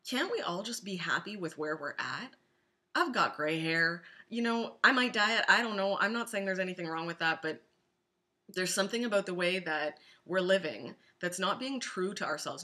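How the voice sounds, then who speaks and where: Earnest bright-voiced woman vlogging. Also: on the low side. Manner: earnest, direct, addressing women listeners. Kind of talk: casual spoken blog post.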